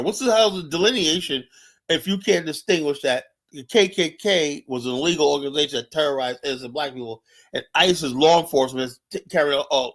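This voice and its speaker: A man's voice: a little high, fairly bright tone. A man hosting a livestream, delivering a heated political monologue. He is combative and profane and often repeats phrases while challenging viewers directly. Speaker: livestream host.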